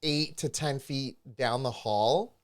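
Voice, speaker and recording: In a studio with a live stream, a podcast co-host animatedly tells a story during casual chat, acting out the voices of the people he quotes. He speaks slowly at a medium pitch.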